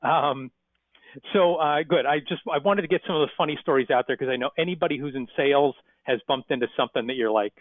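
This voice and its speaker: A man's voice: medium pitch, quick pace, no room sound. A man hosting an interview podcast, chatting casually and telling self-deprecating stories. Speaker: podcast host. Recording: tinny dry phone-like line.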